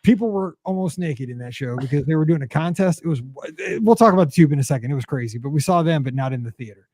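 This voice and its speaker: A man in his forties hosts a podcast in a loose, chatty way, and his voice sits fairly high. He pads his stories with fillers and jumps up sharply in pitch when excited. The sound is dry and close to the mic. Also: fast talker, no room sound. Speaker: podcast host. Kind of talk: casual chat.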